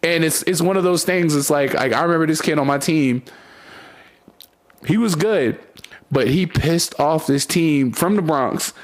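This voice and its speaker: A man's voice: a little high, measured pace. A young man co-hosting a podcast, telling stories in a loose casual chat, laughing often and swearing freely. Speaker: podcast co-host.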